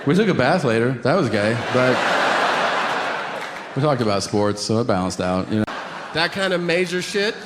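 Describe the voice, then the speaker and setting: A man doing a stand-up routine on stage, telling stories in an animated way and acting out voices with shouted punchlines. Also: mid-range voice, normal speed, long pauses. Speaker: stand-up comedian. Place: comedy stage before a live audience. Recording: live show with roomy reverb and crowd noise.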